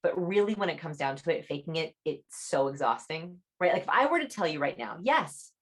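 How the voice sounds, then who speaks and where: A young adult woman, a chatty author speaking as a podcast guest over a video call, animated and peppering her talk with "like". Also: brisk. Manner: animated, demonstrates her voice high and low; chatty, fillers like "like". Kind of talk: podcast interview.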